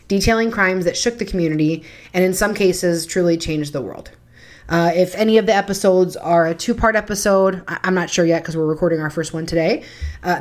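A woman co-hosting a true crime podcast, telling stories in a blunt, casual way and swearing freely. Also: on the low side. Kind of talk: casual profane storytelling.

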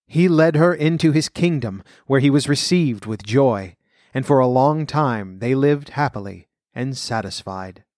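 Guy reading a fairy tale out loud, steady and measured, pretty dry close mic, mid voice. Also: mid-range voice, dry recording. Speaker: storyteller and folklore commentator.

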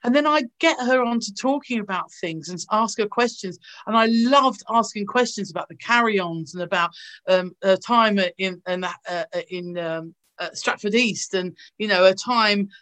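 Gushing actress telling stories. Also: female voice, medium pitch, normal speed, a bit bright. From England. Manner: gushing, anecdotal storytelling. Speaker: actress guest. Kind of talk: casual interview over video call. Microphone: video call.

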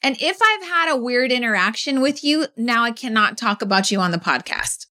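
A woman co-hosting a podcast in casual chat, animated and acting out quotes. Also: fairly high pitch, moderate pace. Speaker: podcast co-host.

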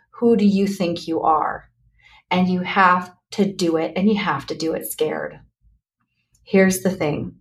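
A woman hosting her own podcast, talking candidly and earnestly to listeners in a motivational pep talk, speeding up then slowing on key words. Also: lowish voice. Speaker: podcast host.

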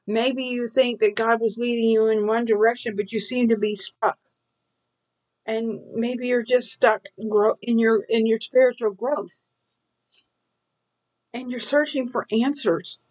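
A middle-aged woman gives a sermon-style Bible study. Her voice sits a little high, and she speaks earnestly, asking her listeners question after question. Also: darkish tone, rough recording. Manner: earnest, asks searching questions. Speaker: Bible teacher.

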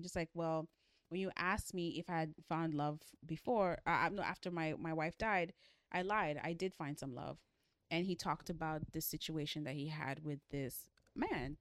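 A young woman co-hosting a casual book chat, animated and dramatic, laughing often. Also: low-pitched, normal speed, no echo, clean studio sound. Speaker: podcast co-host.

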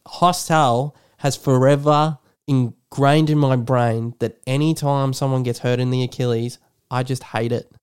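A man's voice: mid-range voice, fairly even intonation, measured pace, darkish tone, clear, resonant tone. A young Australian man co-hosting a podcast, chatting about a film in a rambling, laughing way and swearing casually. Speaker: podcast co-host. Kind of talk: casual film review chat.

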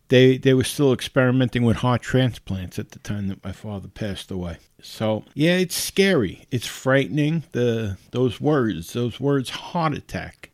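Middle-aged man, podcast host, earnest folksy storyteller, medium pitch, dry close sound. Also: dry recording. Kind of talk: casual advice talk.

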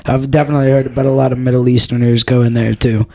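A man's voice: medium pitch, level tone, very fast, warm tone. A man co-hosting a podcast in casual chat, rambling and profane, full of "like" and "dude". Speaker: podcast co-host.

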